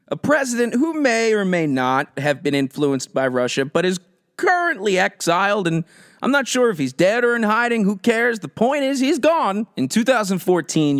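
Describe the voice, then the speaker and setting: A man hosting a podcast, ranting sarcastically about politics in a profane, animated comedic style. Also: sits high, dry recording, studio quality. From United States. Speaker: podcast host.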